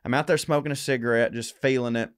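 A man's voice: mid-range voice, steady tone, quick pace, no echo, studio quality. A man co-hosting a podcast, telling a long story in casual, profane chat. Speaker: podcast co-host.

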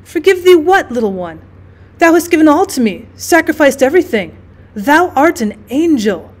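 A woman's voice: high-pitched, big pitch swings, moderate pace. A woman reading aloud voicing a grieving elder sister, tender and tearful.

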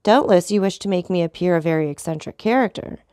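A woman reading the part of a cold, proud nobleman, in a calm, measured and ironic manner. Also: lowish voice, no room sound, clean studio sound, close to an everyday voice. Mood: cool, disdainful. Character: cold, proud, unshakable male count.

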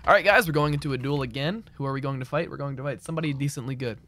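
A man's voice: medium pitch, rapid-fire, few pauses, very noisy. A man streaming a game, chatting casually in a loose, slangy, rambling way as he answers his chat. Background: keyboard clicks and typing.

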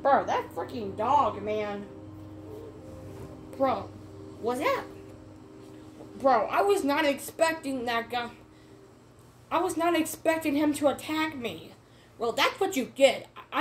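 A woman giving let's play commentary, excitable and repetitive, calling everyone "bro" and "man" and shouting at the screen. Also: sits high, measured pace, pauses often, slight background noise. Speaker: gamer.

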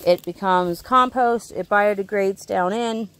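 A woman's voice: mid-range voice, a little slow, fairly bright tone. Chatty woman touring her garden outdoors. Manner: chatty, rambling, self-correcting. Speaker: homesteading vlogger. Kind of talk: casual garden tour vlog. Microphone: handheld camera she films herself.

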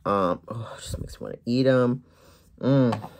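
A brand owner showing off lip glosses in a relaxed vlog, filmed in a corner of their home, with plenty of ums and gentle asides. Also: medium pitch, measured pace, slight background noise. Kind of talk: product showcase vlog.

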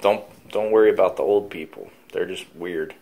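A man's voice: deep voice, moderate pace, dark tone, a little hiss or hum. A middle-aged man filming a move, joking and teasing in casual banter with frequent laughs. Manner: playful, joking, laughs often. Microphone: handheld camera. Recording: music playing over the talk.

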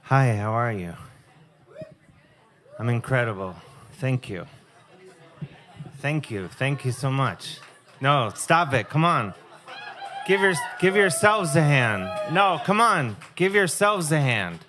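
A man performing a crude, deadpan stand-up comedy set on a live music club stage, speaking into a stage microphone. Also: mid-range voice, takes it slowly, long pauses, background noise. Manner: deadpan, crude, rambling storytelling.

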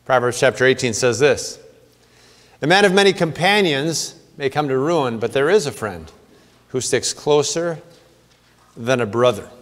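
A man's voice: mid-range voice, expressive, a little slow, long pauses, big-room sound. A man preaching a sermon as pastor, reading scripture aloud in an earnest way with playful asides. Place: church sanctuary.

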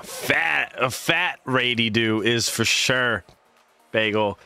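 A man's voice: mid-range voice, slow, gravelly, sharp tone, faint music behind. A man casting a live esports match, hyped and chatty, greeting viewers while calling the play. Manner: hype, chatty, greets viewers mid-call. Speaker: stream host and caster.

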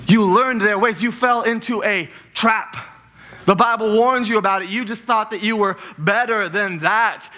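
A man preaching a sermon as pastor, talking in a lively, conversational way and joking with the congregation in a church. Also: sits high. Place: church sanctuary.

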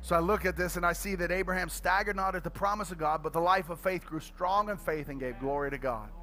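A middle-aged pastor preaching an energetic sermon, telling comic stories and swinging between quiet asides and loud shouting. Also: male voice, high voice, fast.

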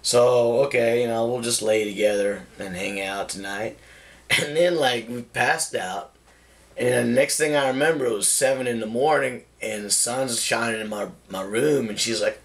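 A man's voice: mid-range voice, moderate pace. A young man casually telling a wild personal story, laughing often and swearing freely.

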